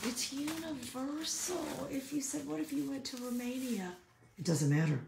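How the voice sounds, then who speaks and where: A woman dog trainer chatting casually on a livestream, rambling and animated, acting out other people's voices as she talks. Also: sits high, moderate pace, gravelly. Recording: echoey room with background noise.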